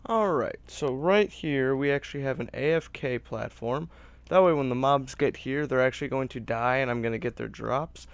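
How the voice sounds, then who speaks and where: A man talks through his gameplay in a relaxed, rambling way, often laughing at his own mistakes. His voice has a gravelly edge but stays crisp and clear, and the sound is dry and close. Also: mid-range voice, moderate pace, dry recording. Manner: chatty, rambling, self-deprecating. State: hiccups. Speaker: let's play host. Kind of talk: casual gameplay commentary.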